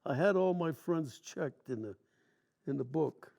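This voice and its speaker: A man's voice: a little high, expressive, unhurried, gravelly, darkish tone. A man in his nineties, a war veteran, telling long stories from memory in plain, rambling, colloquial speech during an interview. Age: 90s.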